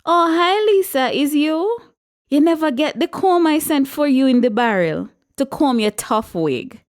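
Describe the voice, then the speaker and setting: A woman's voice: high-pitched, lively intonation, unhurried, voice pushed up. A woman doing a mocking, preening show-off. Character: showy, mocking woman with a fake American accent.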